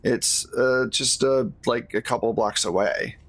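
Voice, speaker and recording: A man's voice: mid-range voice, unhurried, a bit bright, no room sound. A man voicing a chatty, fussy nun who rambles with hesitant fillers, in a tabletop role-playing game. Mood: helpful.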